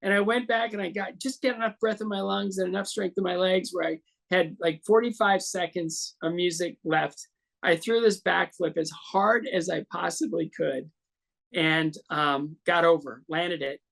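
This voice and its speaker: A man's voice: sits high, normal speed, vocal fry, fairly bright tone. A man in his sixties, a guest in an interview, telling a long story and acting out the other voices in it. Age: 60s.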